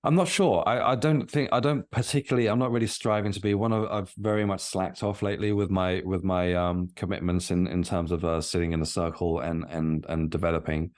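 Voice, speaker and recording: A man's voice: low voice, steady tone, fairly quick, hardly any pauses, darkish tone. A man telling a personal story as a podcast guest, with frequent restarts and fillers. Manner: hesitant, many restarts and fillers. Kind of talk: conversational storytelling.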